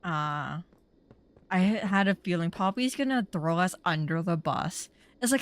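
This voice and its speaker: A woman's voice: lowish voice, a little slow, dry recording. A young woman streamer giving casual, chatty gaming commentary that turns indignant and rambling.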